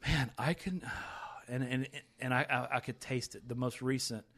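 A man's voice: mid-range voice, moderate pace, a bit bright. A man hosting a rehab ministry podcast, talking in an earnest and emotional way with many restarts. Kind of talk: candid faith podcast chat.

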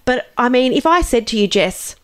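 A woman's voice: on the high side, moderate pace, clear, resonant tone. A woman with an Australian accent hosting a conversational podcast interview, chatty and enthusiastic. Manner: chatty, enthusiastic, lively asides. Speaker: podcast host, Lord Mayor.

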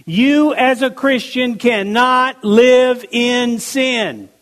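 A man preaching a sermon, stressing key words by slowing down and reading scripture aloud in a measured way. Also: extremely high pitch, a bit bright. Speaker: pastor.

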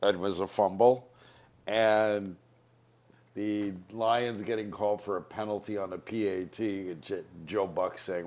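Jokey sports radio host. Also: male voice, on the low side, steady tone, a little mellow. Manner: jokey, rambling, quick to laugh. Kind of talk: casual sports radio talk. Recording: slightly dull radio broadcast audio.

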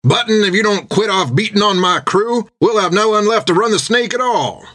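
A man voicing a commanding rough sea captain. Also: high voice, animated, moderate pace, fairly bright tone, pitched above the performer's own voice. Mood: gruff command. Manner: folksy rough sailor dialect. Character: burly gruff sailor captain, commanding.

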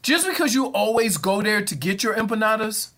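A male radio co-host with a notably high voice. He tells everyday stories in an animated, chatty way, building each one up as he goes. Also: brisk. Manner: animated storyteller. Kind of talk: casual sports radio chat.

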